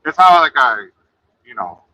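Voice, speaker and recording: A man's voice: on the high side, big pitch swings, normal speed, bright, forceful tone, no echo, poor audio. A man in a casual podcast chat, talking in a mumbling, profane way that often trails off.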